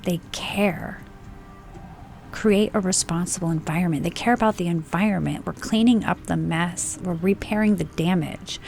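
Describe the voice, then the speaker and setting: A woman giving an emphatic, unscripted spiritual monologue, stressing points with swearing and slow, deliberate phrasing. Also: medium pitch, creaky, darkish tone, slight background noise. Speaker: spiritual channel host.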